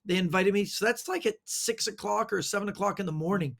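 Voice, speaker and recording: A middle-aged man, a magician guest, telling animated anecdotes with lots of fillers. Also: high voice, brisk, vocal fry. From Canada. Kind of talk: storytelling interview answers.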